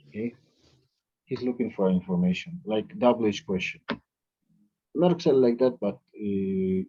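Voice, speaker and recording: A man's voice: medium pitch, warm tone, slightly rough, dull audio. A man teaching an English grammar lesson to a class. He reads out example sentences and calls on students to answer.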